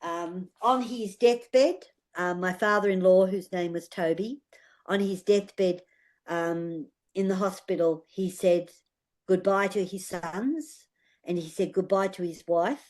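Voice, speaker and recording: A woman's voice: fairly low pitch, takes it slowly, a little mellow. Older Australian woman, interview guest, heartfelt storyteller, repeats phrases. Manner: earnest, heartfelt, repeats phrases, uses fillers. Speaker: guest, aura healer.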